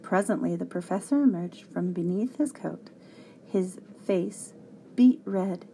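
A woman narrating a children's storybook aloud with an expressive read-aloud delivery. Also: lowish voice, measured pace, vocal fry, a little hiss or hum.

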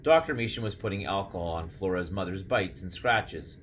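Low-voiced male audiobook narrator. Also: moderate pace, fairly bright tone, slight background noise. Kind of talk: scripted narration.

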